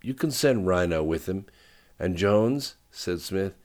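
A man's voice: low-pitched, animated, takes it slowly, a little mellow, voice pushed up. A man voicing a terse male agent giving clipped orders in an audiobook. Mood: commanding. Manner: clipped, commanding. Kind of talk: audiobook narration.

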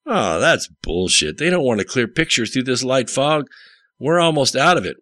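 A man's voice: medium pitch, animated, moderate pace, a bit bright, dry recording, pitched above the performer's own voice, natural voice. A man voicing a brash, cocky male helicopter pilot who swaggers and curses.

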